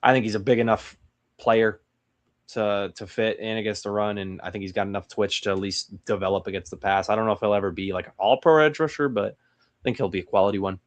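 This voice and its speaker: A man's voice: lowish voice, fairly even intonation, brisk. A young man hosting a solo mock draft breakdown, thinking aloud with hesitant restarts. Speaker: sports channel host.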